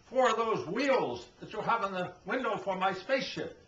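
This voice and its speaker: Guy putting on a squeaky eager little spaceman, echoey room, lo-fi camcorder. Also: big pitch swings, moderate pace, a bit bright, recorded from a distance.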